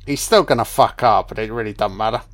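A man's voice: lowish voice, quick pace, no room sound. A man giving casual, irreverent film commentary, sarcastic and swearing constantly. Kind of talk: casual profane movie commentary.

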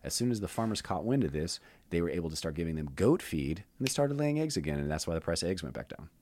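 A man hosting a podcast, rambling in an animated, conspiratorial way in casual chat. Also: low-pitched, fast talker, no room sound. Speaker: podcast host.

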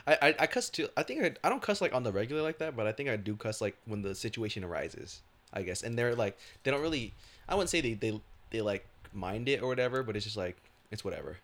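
Young male podcast co-host, slangy, with a lively, swinging pitch. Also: fast. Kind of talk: casual chat.

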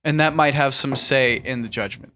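A man in casual discussion, talking earnestly with many restarts and pauses. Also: medium pitch, sharp tone, slight background noise. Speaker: podcast host.

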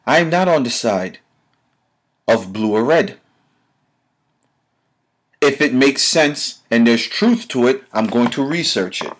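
A man's voice: mid-range voice, lively intonation, takes it slowly, long pauses. A man with a mid-range voice rants alone into his podcast mic. He is blunt and confrontational, swears freely and fires rhetorical questions at the people listening. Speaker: podcast host. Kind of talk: solo opinion rant.

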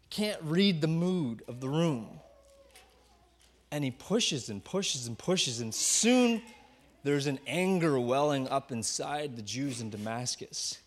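A male pastor telling a story in a sermon, animated and acting out the scenes, now and then getting the congregation to call out lines. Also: a little high, slow pace. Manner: animated, acts out the scenes in small voices.

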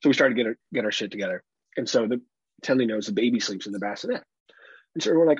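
A young adult man co-hosting a casual podcast, telling animated stories and swearing freely. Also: mid-range voice, quick pace, husky, no echo, dull audio. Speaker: podcast co-host.

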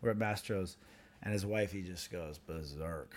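Podcast co-host, man in his thirties, animated storyteller who swears a lot. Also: low voice, moderate pace. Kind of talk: casual storytelling.

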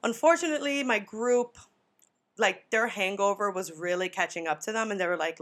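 A young woman at a medium pitch spins a casual story for her podcast. She talks loosely and animatedly, full of 'like' and the odd swear word. She jumps her voice up whenever she acts out what someone said. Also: normal speed, fairly bright tone. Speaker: podcast host.

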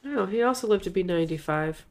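A woman's voice: medium pitch, lively intonation, fast talker, a little mellow. A woman co-hosting a podcast, chatting casually about a movie. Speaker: podcast co-host. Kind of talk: casual chat reviewing a movie.

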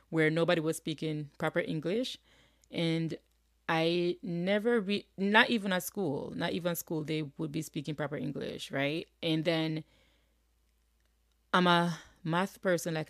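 A woman's voice: low voice, dry recording, clean studio sound. A woman from rural Jamaica with a Jamaican accent, hosting a podcast in a chatty, frank way with frequent tag questions. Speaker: podcast host. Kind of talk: casual podcast monologue.

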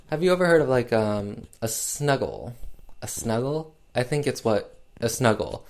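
A man's voice: on the low side, a little mellow. A man giving a casual, sarcastic film review, rambling with lots of fillers.

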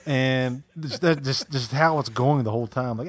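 A man's voice: mid-range voice, moderate pace, no echo. Profane Southern man telling stories. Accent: Southern American. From American South. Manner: profane, animated storytelling with loud acted quotes. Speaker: podcast co-host. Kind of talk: casual storytelling chat.

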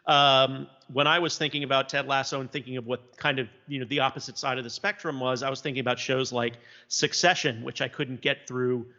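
A man's voice: medium pitch, steady tone, brisk, pushed and bright. A man from South Louisiana chatting casually about television, thoughtful and hesitant, with plenty of fillers. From South Louisiana, USA. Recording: dull lo-fi sound with long reverb.

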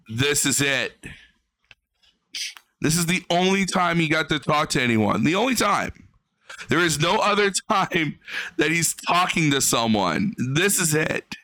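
A young adult man giving profane reaction commentary on a stream, mocking and animated. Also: on the high side, smooth, no echo.

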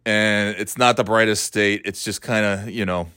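A man's voice: lowish voice, steady tone, moderate pace, pushed and bright, smooth, no room sound, studio quality. A man from the northeastern United States hosting a solo podcast, rambling and ranting with sarcasm and plenty of swearing. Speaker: podcast host. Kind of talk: casual solo podcast monologue.

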